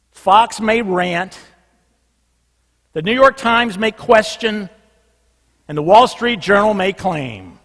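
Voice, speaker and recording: A man preaching a sermon as pastor, emphatic, dropping soft and low on a repeated refrain. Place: church sanctuary. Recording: long reverb in a large church.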